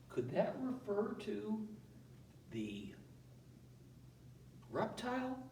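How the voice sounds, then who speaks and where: A man's voice: high voice, warm tone, echoey room, far from the mic, a little hiss or hum, low-quality recording. A man teaching a playful, chatty geography lesson who keeps asking his audience questions. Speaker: science educator.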